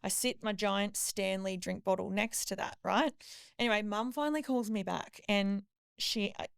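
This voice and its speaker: Woman, podcast co-host, animated storytelling, smooth voice, dry close sound. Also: medium pitch, normal speed, no room sound. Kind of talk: casual storytelling chat.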